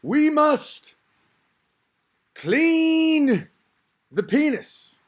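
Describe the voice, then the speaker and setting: A man doing a mocking impression of a male religious orator in a slow, exaggerated sermon cadence. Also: extremely high pitch, sing-song, pitched above the performer's own voice, full character voice. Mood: mock-solemn.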